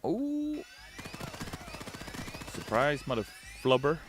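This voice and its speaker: A man streaming, casually reading viewer messages aloud in a loud, playful, chatty way. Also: on the high side, wildly swooping pitch, extremely slow, noisy background. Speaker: game community streamer. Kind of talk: casual livestream chat.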